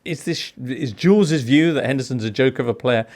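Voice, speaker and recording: A man's voice: mid-range voice, fairly quick, a little mellow. A man hosting a football podcast, leading segments in a jokey, casual way. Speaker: podcast host. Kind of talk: casual chat.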